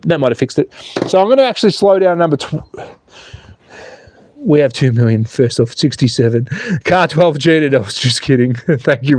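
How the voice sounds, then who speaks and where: Chatty Australian man, slightly higher voice. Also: darkish tone, no echo. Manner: chatty and joking, reads viewer comments aloud. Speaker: slot car livestream host. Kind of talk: casual livestream chat.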